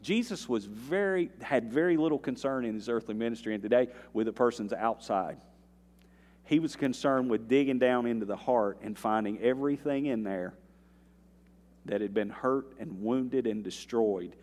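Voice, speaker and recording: A male pastor preaching a sermon, swinging between quiet earnest passages and loud, rising bursts, with folksy asides to the congregation. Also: mid-range voice, normal speed. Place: church sanctuary. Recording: long reverb of a church hall.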